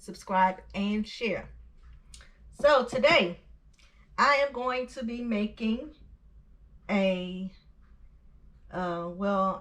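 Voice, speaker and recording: A woman's voice: mid-range voice, fairly bright tone. A woman hosting her home cooking channel, chatty and homey, with many fillers and restarts as she walks through a recipe in her kitchen. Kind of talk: casual home cooking tutorial.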